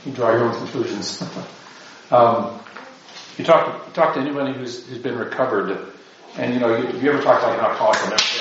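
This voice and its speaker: A man's voice: mid-range voice, a little fast, fairly bright tone, a little hiss or hum. A man giving an informal spiritual talk to his parish, rambling and self-deprecating, full of asides. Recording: distant mic, very echoey, dull lo-fi sound.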